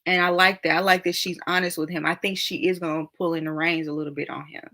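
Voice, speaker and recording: Bright-voiced chatty woman host. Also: lowish voice, fairly even intonation, quick pace. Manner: chatty, laughs often, reacts to comments aloud. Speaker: live stream host. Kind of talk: casual live chat reading viewer comments.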